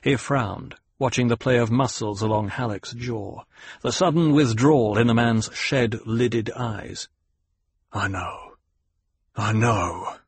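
Husky-voiced male audiobook narrator. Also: medium pitch, a little slow, a little mellow, no echo. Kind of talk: scripted narration.

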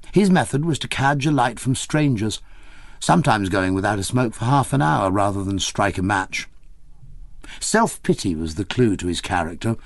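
A man narrating an audiobook in a measured, wry storytelling manner. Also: medium pitch, no room sound.

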